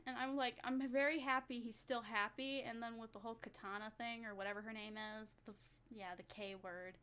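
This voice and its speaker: A young woman chats casually with her stream viewers, rambling from one thing to the next and making fun of herself between giggles. Her voice sits high. Its tone is bright and sharp. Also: fairly even intonation, fairly quick, smooth. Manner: giggly, rambling, self-mocking. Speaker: vtuber streamer.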